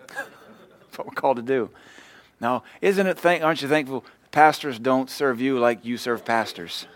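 A man's voice: mid-range voice, measured pace. A man preaching a sermon as pastor, folksy and joking, acting out little quotes as he goes.

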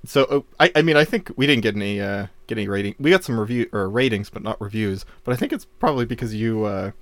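A man's voice: on the low side, fast talker, no echo. A man co-hosting a podcast, rambling casually with many fillers. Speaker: podcast co-host and editor.

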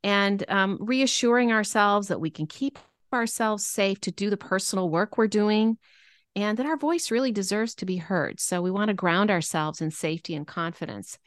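A woman's voice: medium pitch, normal speed, no room sound. Earnest woman guest, dry close sound. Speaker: podcast guest. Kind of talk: casual interview conversation.

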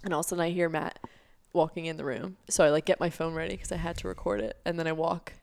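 A woman's voice: sits low, fast talker, vocal fry, a little mellow. A young woman co-hosting a podcast, telling a story in a chatty way with lots of fillers. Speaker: podcast co-host. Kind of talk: casual chat.

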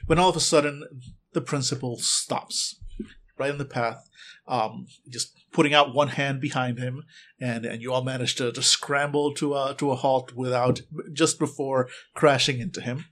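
A man's voice: mid-range voice, fairly even intonation, moderate pace, a bit bright. Rambling man narrating a tabletop game. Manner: rambling, full of ums and restarts. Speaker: game master.

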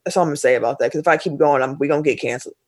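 A man's voice: a little high, very fast. A man hosting a casual podcast, giving his opinions with heat and emphasis. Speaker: podcast host.

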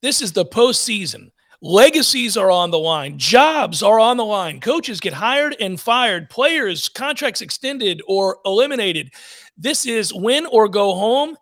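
Casting note: man, sports talk co-host, ranting and fired up, high voice that swings widely. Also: very animated, unhurried, a bit bright. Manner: fired-up ranting, blunt and profane.

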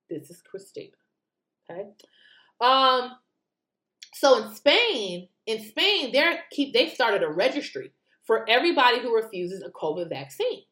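An American woman giving casual political commentary, animated and indignant, firing off rhetorical questions with mocking asides. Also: medium pitch, echoey room.

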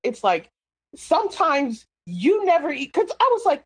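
A woman's voice: high voice, very animated, measured pace. A woman co-hosting a casual podcast, reflective and building up her points through restarts. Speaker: podcast co-host. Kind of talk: casual chat.

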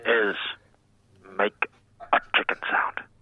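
A man's voice: slow pace, lightly acted. An actor playing a man who poses as a radio host on the phone, speaking in a teasing, mock-official way. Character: sly Australian man posing as a radio host. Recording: muffled phone line.

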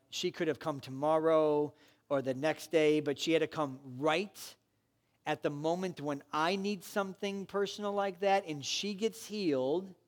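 A man preaching a sermon, retelling a story and urging his listeners on in an earnest, exhortative way. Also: on the high side. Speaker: pastor.

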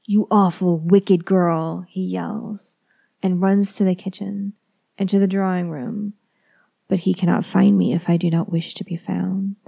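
A woman reading a first-person horror story in a calm, measured way, often slipping into whispers. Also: fairly low pitch, vocal fry.

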